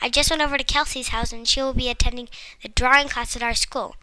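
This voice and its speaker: A woman's voice: a little high, fairly even intonation, fast talker, pushed and bright, dry recording. A woman voicing an eager young girl who pleads earnestly in a storybook. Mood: pleading.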